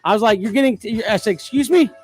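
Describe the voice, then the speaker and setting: A man's voice: sits high, fast, breathy edge, faint music behind. A man co-hosting a radio show, talking wryly and easily about his sons in casual chat. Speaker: radio co-host.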